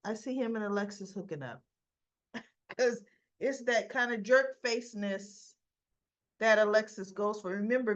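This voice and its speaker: A woman's voice: medium pitch, highs cut off. A woman casually recapping and commenting on soap opera episodes, retelling scenes with quoted lines.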